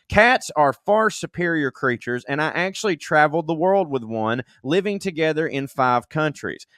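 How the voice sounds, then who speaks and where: Here the Southern US podcast co-host, self-deprecating and quick with laughs and asides, reads out listener emails for the comedy show. The voice is slightly high and bright, captured in studio quality with no room sound.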